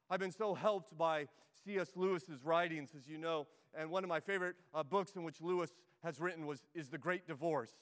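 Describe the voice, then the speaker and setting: A man's voice: fairly high pitch, a little fast, hardly any pauses, fairly bright tone. A preacher giving a sermon in a church, urging his listeners in a direct, emphatic way. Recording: long hall reverb.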